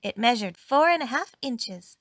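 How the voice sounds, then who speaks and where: A woman's voice: on the high side, animated, normal speed, slight background noise, pitched above the performer's own voice, lightly acted. A woman voicing a cheerful, literal-minded maid in a storybook reading, eager and innocent.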